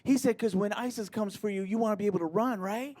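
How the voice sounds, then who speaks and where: A man from Michigan doing a live stand-up set, flamboyant and self-mocking, jumping between squeaky bits and mumbled asides. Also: quick pace, mellow. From Michigan, USA. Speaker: stand-up comedian.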